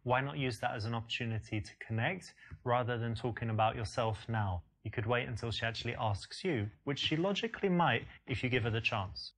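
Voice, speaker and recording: A calm dating coach. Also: male voice, medium pitch, fairly quick, few pauses. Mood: instructive. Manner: instructive, explaining. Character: calm male dating coach giving advice. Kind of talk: scripted game commentary.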